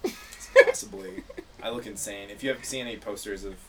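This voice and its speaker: A man hosting a podcast in casual chat, joking, laughing often and jumping into high silly voices. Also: a little fast, fairly bright tone, recorded from a distance. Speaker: podcast host. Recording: noisy recording, off the mic.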